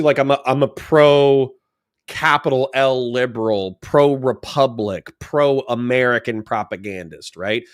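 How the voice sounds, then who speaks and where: A man's voice: mid-range voice, fairly bright tone. A man giving blunt, sarcastic, profane commentary on a livestream while reacting to a video.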